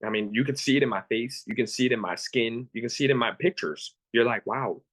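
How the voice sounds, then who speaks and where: A man in his thirties from Pennsylvania, telling his own story as a guest with earnest, halting, repeated phrases. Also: mid-range voice, a bit bright. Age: 30s. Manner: earnest, repeats words, acts out his own thoughts in quotes. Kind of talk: candid personal storytelling.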